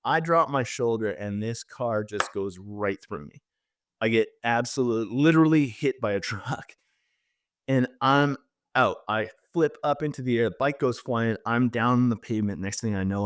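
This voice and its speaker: A man from Canada, a podcast guest vividly telling a personal story in an animated way, full of fillers. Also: on the low side, normal speed, dry recording, studio quality.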